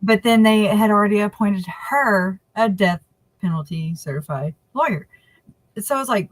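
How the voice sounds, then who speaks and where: A woman co-hosting a casual livestream chat, opinionated and quick to laugh. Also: mid-range voice, no room sound, low-quality recording. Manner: chatty, laughing asides, opinionated. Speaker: livestream co-host.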